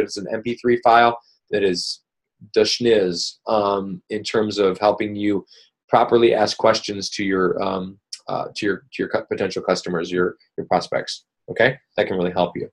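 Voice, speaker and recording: Upbeat rambling male team coach. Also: lowish voice. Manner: upbeat, rambling, with many fillers and restarts. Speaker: team coach hosting a weekly call. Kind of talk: casual motivational coaching talk.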